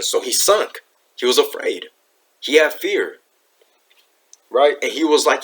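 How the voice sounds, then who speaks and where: A man with a fairly low voice giving a laid-back Bible lesson. He talks in easy slang and keeps checking in with "right?". When he reads scripture he sinks lower and slower. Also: animated, fairly bright tone. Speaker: Bible teacher. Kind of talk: casual Bible teaching.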